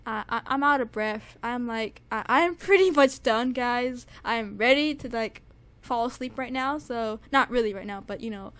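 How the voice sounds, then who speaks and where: A woman casually reviewing her favorite songs, gushing with fangirl enthusiasm and rambling with lots of fillers and repeats. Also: normal speed. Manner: shrieks high with excitement at times. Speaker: music reviewer. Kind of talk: casual solo music review.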